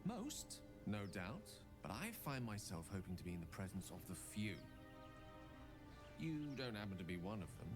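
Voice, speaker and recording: A man's voice: sits low, sing-song, normal speed. An actor playing a courteous, wordy male wizard, talking in a formal and elaborately polite way in a video game. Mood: earnest. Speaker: game companion character. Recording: game audio over background music.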